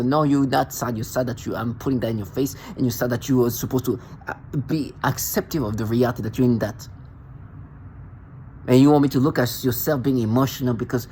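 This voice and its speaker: A man's voice: mid-range voice, a little fast, a little mellow, slight background noise. A man delivering an angry, accusatory monologue to the camera, ranting and repeating himself in a confrontational way. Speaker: vlogger.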